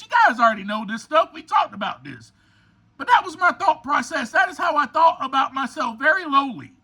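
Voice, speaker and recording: A man hosting a podcast, giving a motivational monologue in an emphatic, preacher-like way, often pushing toward a shout and speaking straight to his listeners. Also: very high voice, moderate pace. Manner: addresses listeners directly, repeating phrases. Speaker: podcast host.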